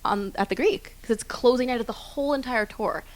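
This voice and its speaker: A woman's voice: fairly high pitch, a little fast. A woman in her twenties, a singer being interviewed on a theater stage, talking in a chatty, bubbly, self-deprecating way. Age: 20s. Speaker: guest singer. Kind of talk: live onstage interview. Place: theater stage before an audience.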